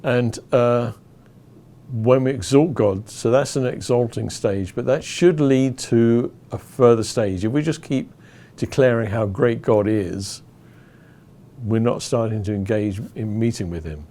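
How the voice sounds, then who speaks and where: A man from England teaching about worship in stages, telling a story with lively acted-out crowd chants. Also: mid-range voice, a little slow. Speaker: worship leader.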